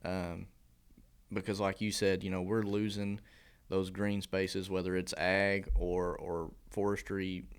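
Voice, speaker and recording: A man with a very deep, smooth voice talks as a podcast guest. He speaks earnestly, with a few hesitations, about doing a little for wildlife. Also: level tone, measured pace. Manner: agreeable, short backchannels, earnest when speaking at length. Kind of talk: casual podcast conversation.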